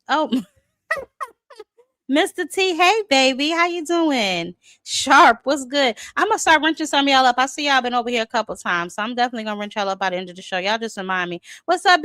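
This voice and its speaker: A woman's voice: a little high, a bit bright, no room sound. Woman host, thirties; loose livestream chatter, dry close sound. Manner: chatty, greets viewers by name, talks to chat. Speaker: boxing channel host. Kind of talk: casual livestream chat.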